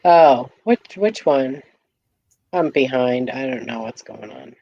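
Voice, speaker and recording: A woman's voice: rumbling low, lively intonation, slow, dull audio, slight background noise. A woman hosting a casual live morning stream, playful and giggly, repeating words and reading chat comments aloud.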